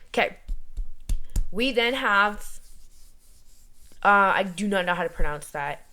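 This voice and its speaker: A woman's voice: medium pitch, expressive, a little slow, pauses often, pushed and bright. Chatty, playful young American woman. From United States. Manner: playful, self-mocking, chatty. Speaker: vlogger. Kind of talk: casual chat.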